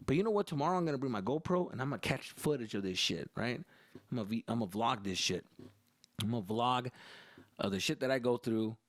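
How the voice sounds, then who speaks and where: A man from Arizona, a comedian, telling profane, animated stories in a casual podcast monologue. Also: medium pitch, brisk, no echo.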